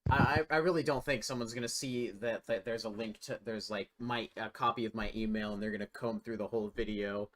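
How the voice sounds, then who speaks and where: A man's voice: fairly low pitch, steady tone, a little fast, hardly any pauses, a bit bright, a little hiss or hum. A man co-hosting a casual podcast chat, hesitant and stammering as he talks. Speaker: podcast co-host.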